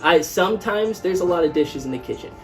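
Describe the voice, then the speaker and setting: Man, 20s, podcast co-host; rambling, filler-heavy talk, slightly high, distant mic over soft music. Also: expressive, brisk. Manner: rambling, restarts often, heavy use of "like". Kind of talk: casual conversational podcast.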